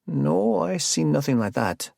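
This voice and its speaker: A wary, terse middle-aged gardener, put on by a male narrator, speaks with a heavy foreign accent in clipped, halting replies. The voice sits raised above a low, gravelly base and stays husky, dry and close, with no room around it. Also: big pitch swings, darkish tone, no room sound, full character voice. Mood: uneasy. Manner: halting, short broken answers.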